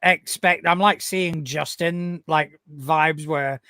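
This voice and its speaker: A man's voice: on the high side, fairly even intonation, takes it slowly, pushed and bright, smooth, dry recording, clean studio sound. A man chatting as a podcast co-host, teasing and wry, laughing along with his partner. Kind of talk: casual chat.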